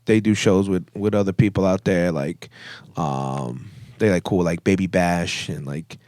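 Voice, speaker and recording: A male comedian telling animated, profane anecdotes as a podcast guest. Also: low voice, unhurried, dry recording. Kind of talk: casual podcast storytelling. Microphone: studio microphone.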